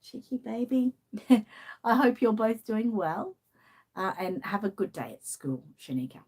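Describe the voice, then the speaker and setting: A woman's voice: mid-range voice, sing-song, unhurried, darkish tone, slightly rough. A woman from Australia with an Australian accent, hosting a casual live-stream chat, reading out viewer comments and laughing often. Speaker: channel host.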